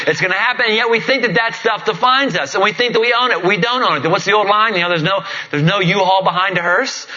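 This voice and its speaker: Middle-aged male pastor, high and bright tone, chatty joking sermon delivery. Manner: conversational and jokey, lively storytelling. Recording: dull lo-fi recording.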